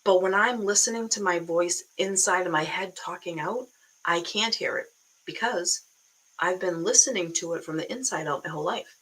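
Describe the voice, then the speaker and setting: A woman with a Boston accent giving blunt, animated motivational talk to camera as an online business coach, often tagging her points with "right?". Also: lowish voice, normal speed, low-quality recording.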